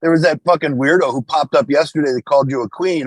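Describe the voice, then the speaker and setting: A man's voice: a little high, fast talker, no echo. A man on an online voice call, bluntly accusing the others and swearing freely. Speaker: caller confronting the hosts. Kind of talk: heated group voice call.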